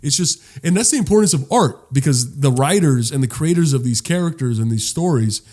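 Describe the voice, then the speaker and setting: A young man co-hosting a casual podcast, talking animatedly and restarting his sentences as he gets worked up. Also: fairly quick. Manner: animated, rising pitch when worked up, trailing restarts. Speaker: podcast co-host.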